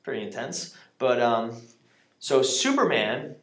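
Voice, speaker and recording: A man in casual chat, eagerly retelling superhero movie scenes and acting out quick quotes. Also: mid-range voice, sing-song, fairly bright tone, reverberant.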